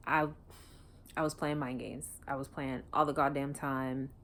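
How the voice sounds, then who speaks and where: A self-absorbed ex-lover pours out a pleading confession of regret, played by a woman doing the line herself. The voice sits low and dark. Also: little pitch movement, unhurried, a little hiss or hum, full character voice. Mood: confessing.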